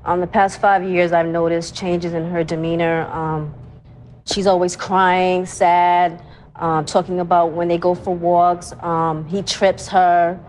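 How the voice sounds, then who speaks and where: A woman's voice: fairly low pitch, level tone, slow, a little mellow, slight background noise. A woman testifying as a witness in a staged courtroom comedy sketch, hesitant and subdued.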